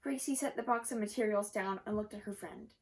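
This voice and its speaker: A woman reading a children's story aloud in a gentle manner, with occasional slips she corrects. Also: mid-range voice, fairly quick, rough recording.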